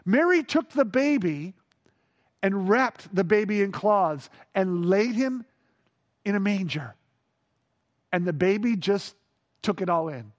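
A man preaching a sermon, moving from hushed awe to playful, animated emphasis. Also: sits high, slow pace, pauses often, lo-fi sound. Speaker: pastor.

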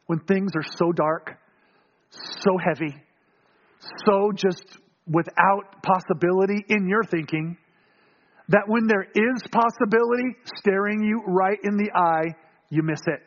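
Animated high-voiced preacher. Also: male voice, a little slow, long pauses, dull audio. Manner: animated storytelling, acts out voices, chuckles often. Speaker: pastor. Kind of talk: sermon.

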